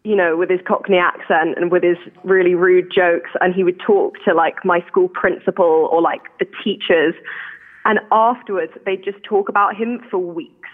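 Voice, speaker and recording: A woman's voice: on the low side, steady tone, normal speed. A woman with a posh southern English accent, chatting as a caller and laughing often at herself. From England. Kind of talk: casual chat. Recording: tinny phone line.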